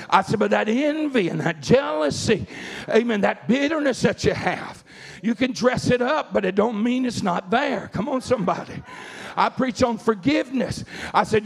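Evangelist man, very high voice with gravelly fry, storytelling sermon that rises into shouting. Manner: storytelling preacher, calls out "come on, somebody" and "amen"; rural Southern-style grammar, grows to shouting. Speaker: evangelist preacher. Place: church sanctuary.

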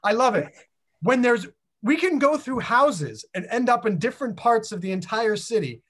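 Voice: medium pitch, animated, moderate pace, a bit bright. A host leading a group through a casual chat on a video call, playful and full of questions.

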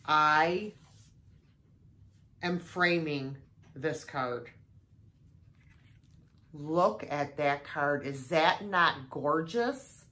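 Very slow-talking gushing woman. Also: sits low, bright, forceful tone. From United States. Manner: gushing, exclaiming over each item. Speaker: thrift haul vlogger. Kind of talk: casual vlog chat.

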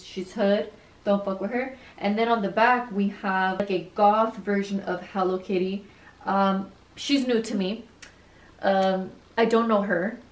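A woman's voice: mid-range voice, roomy sound. A young woman vlogger chatting casually through a haul video, bubbly and slangy, swearing freely.

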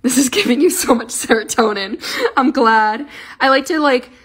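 A woman's voice: sits high, normal speed, husky. A young woman chatting casually on a phone livestream, giggling and cooing baby talk at her cat. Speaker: livestream host.

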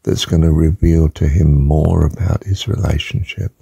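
An older man giving an emphatic spiritual talk, slow and deliberate, sometimes dropping to a hushed whisper. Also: fairly even intonation, no echo. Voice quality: very deep gravelly voice. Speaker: religious teacher.

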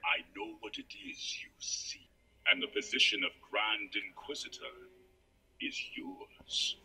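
Menacing masked dark lord, commanding, measured, very bright tone, wide swings. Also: male voice, fairly low pitch, huge pitch swings, heavily acted, low-quality recording. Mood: cold menace.

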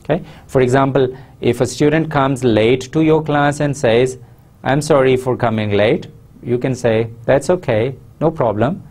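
A man with a Pakistani accent giving a recorded university lecture, measured and explanatory, stressing key words. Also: medium pitch, darkish tone.

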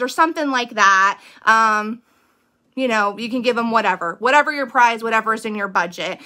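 Chatty, bright-voiced young woman. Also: on the high side, a little fast. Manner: chatty, full of fillers like "um" and "like"; upbeat and eager. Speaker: direct seller giving business tips. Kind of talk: casual talk to camera.

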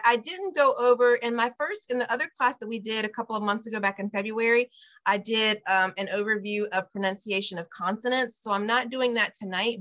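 A woman directing an online Spanish class for parents, upbeat and patient, modeling each phrase slowly over a video call. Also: on the high side, pushed and bright. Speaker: bilingual preschool director teaching parents.

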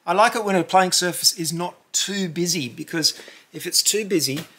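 Man, host, casual unboxing commentary, animated, playful mock outrage, big cheery outbursts. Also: high-pitched, moderate pace, a little hiss or hum.

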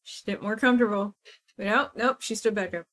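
A woman's voice: mid-range voice, a bit bright. A woman streaming a video game, chatting casually, laughing often and coaxing her cat. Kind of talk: casual live-stream chat.

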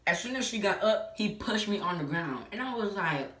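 A woman's voice: mid-range voice, lively intonation, normal speed, fairly bright tone. A woman vlogger telling a personal story in a casual, emphatic way, with many filler "like"s. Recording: echoey room, mic at a distance.

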